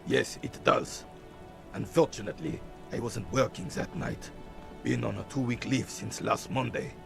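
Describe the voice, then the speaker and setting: A man voicing a proud, gruff old veteran guard in a video game who scolds in clipped, formal sentences. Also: mid-range voice, moderate pace, over music. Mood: weary. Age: older. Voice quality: gravelly.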